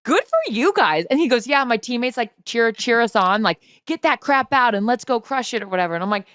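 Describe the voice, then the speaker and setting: A woman's voice: a little high, fast talker, fairly bright tone, clean tone, no echo, clean studio sound. Gushing, enthusiastic woman co-host. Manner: gushing and enthusiastic, swears freely. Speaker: podcast co-host. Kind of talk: casual chat.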